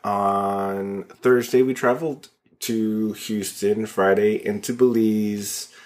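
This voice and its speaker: A man's voice: fairly low pitch, fairly even intonation, takes it slowly, darkish tone. A young man co-hosting a podcast, in casual chat, a little wheezy, rambling with restarts and easy laughs. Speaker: podcast co-host.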